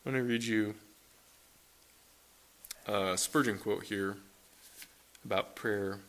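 A middle-aged man preaching a sermon in an earnest, questioning way. His voice is bright and forward, and at moments of emphasis it climbs to excited peaks. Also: lowish voice, slow pace.

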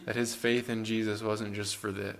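A man's voice: fairly low pitch, little pitch movement, moderate pace, creaky, a bit bright. A man preaching a sermon in an earnest, conversational way, with rhetorical questions and frequent restarts.

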